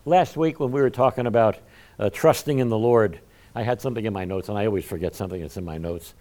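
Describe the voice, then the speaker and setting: Animated folksy male preacher. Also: mid-range voice, fast. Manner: animated, swings from quiet to loud, chuckles; folksy, conversational. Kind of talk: sermon.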